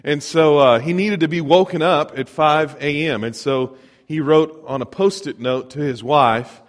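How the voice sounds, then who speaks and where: A middle-aged man preaching a sermon as pastor, telling stories in a lively, conversational way. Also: a little high, a little slow, in a large hall. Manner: storytelling, animated, conversational.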